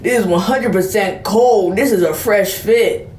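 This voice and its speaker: A man voicing a hyped guy loudly praising an outfit, in an echoey room. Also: high-pitched, a little slow. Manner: loud, hyped, emphatic.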